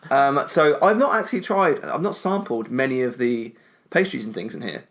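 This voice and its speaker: A man's voice: medium pitch, moderate pace, creaky, fairly bright tone. Chatty British man co-hosting. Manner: chatty, jokey, often restarts phrases. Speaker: podcast co-host. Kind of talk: casual chat.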